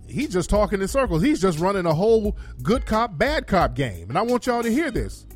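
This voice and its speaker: A man's voice: high-pitched, sing-song, brisk, husky, faint music behind. A man giving emphatic reaction commentary on a video clip, lecturing his viewers directly. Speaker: political commentator.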